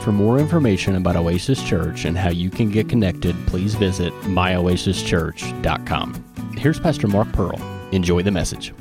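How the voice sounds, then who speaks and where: A very deep male voice calmly reads a short scripted introduction as an announcer. Guitar music plays clearly underneath the voice-over. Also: moderate pace.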